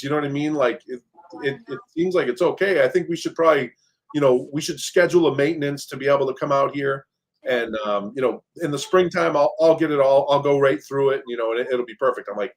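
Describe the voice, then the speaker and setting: A man at ordinary pitch for his age group, casually recounting a property problem. He rambles with fillers and acts out the back-and-forth with repairmen. The talk feels like a relaxed podcast conversation. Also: fast. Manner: storytelling, acts out quoted exchanges, many fillers. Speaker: short-term rental property manager.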